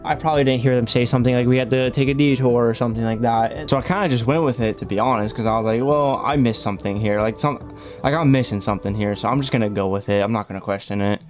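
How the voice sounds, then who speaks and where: A man's voice: mid-range voice, quick pace, faint music behind. A man hosting a reaction video, rambling in casual commentary, swearing often and filling his talk with "like".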